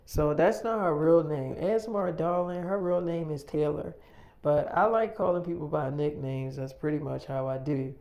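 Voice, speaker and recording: A woman with a low, mellow voice narrates a long story in loose, slangy talk. She rambles along at an easy, relaxed pace, filling gaps with casual asides. The tone stays dark and unhurried throughout. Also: muffled recording.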